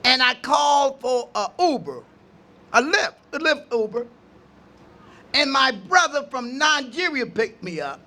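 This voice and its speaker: An older man, an imam, giving an impassioned outdoor speech at a park gathering, preaching with refrains and rising to shouts. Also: very high-pitched, lively intonation, measured pace. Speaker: imam speaking at a ceremony.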